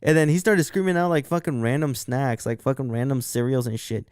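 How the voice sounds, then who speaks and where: A man's voice: medium pitch, fairly even intonation, fairly quick, darkish tone, smooth, no echo. A man co-hosting a podcast, telling a long story in casual, profane chat and acting out what others said. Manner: rambling, profane, acts out quotes. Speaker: podcast co-host.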